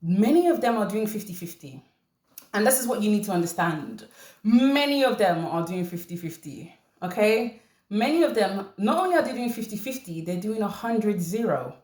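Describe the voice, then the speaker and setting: A woman of middling pitch hosts a casual commentary video and talks straight to her viewers. She is lively and emphatic, stressing points by saying them again and again. Her voice rings a little in a roomy, echoey space. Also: normal speed. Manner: animated, laughing, emphatic repetition. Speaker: commentary channel host.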